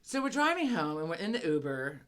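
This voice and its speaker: A young woman co-hosting a casual chat show, telling animated stories full of swearing and loud acted-out quotes. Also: on the low side, fairly quick. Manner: animated storyteller, swears a lot, acts out quotes loudly. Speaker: podcast co-host.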